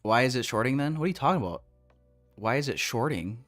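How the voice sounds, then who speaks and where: A man's voice: medium pitch, expressive, fast talker, fairly bright tone, soft background music. A young man hosting a trading livestream, ranting casually and profanely at his chat with big swings in energy.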